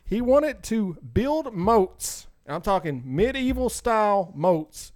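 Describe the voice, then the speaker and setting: Animated man ranting on a podcast. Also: high voice, slow pace. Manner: animated, exclaiming, acts out quoted voices. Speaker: podcast co-host. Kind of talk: casual podcast banter.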